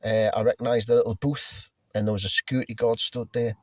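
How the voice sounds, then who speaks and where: A man's voice: medium pitch, flat delivery, fast talker, a little mellow, dry recording, clean studio sound. A man casually telling a personal story, rambling and swearing, with lots of restarts and fillers. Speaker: musician telling a personal anecdote.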